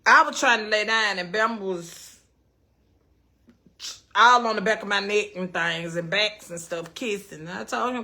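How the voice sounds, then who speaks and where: A woman's voice: medium pitch, measured pace, sharp tone. A woman in her fifties who hosts a casual livestream from home, telling stories animatedly, swearing freely and reading out viewer comments. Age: 50s. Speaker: livestream host.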